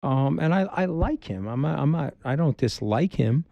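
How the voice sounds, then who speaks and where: A man's voice: a little high, moderate pace, vocal fry, no echo, dull audio. A middle-aged man as a podcast guest, talking bluntly and emphatically, repeating his points and acting out quotes. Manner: animated storyteller who acts out quotes. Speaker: interview guest. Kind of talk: candid podcast conversation.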